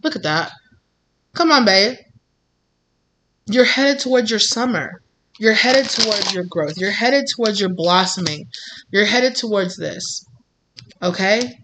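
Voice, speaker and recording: A woman's voice: medium pitch, expressive, unhurried, pauses often, very noisy, lightly acted. Woman doing a cheery spirit guide, put-on British accent, coaxing, encouraging.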